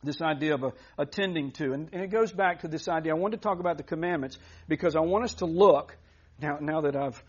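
A man's voice: on the high side, quick pace, slightly rough. A man preaching a sermon as pastor, earnest and emphatic, often restarting phrases. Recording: dull lo-fi recording.

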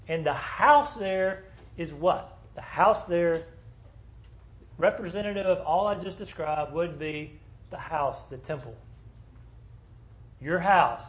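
A man teaching a small Bible class in a conversational way, asking the group questions as he explains the passage. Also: a little high.

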